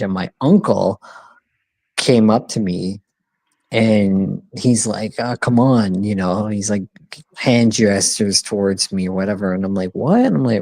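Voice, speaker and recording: A man's voice: fairly low pitch, warm tone, no room sound. A man in his thirties telling a rambling, profane story in casual podcast chat, acting out the voices of people he quotes. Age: 30s. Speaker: podcast co-host.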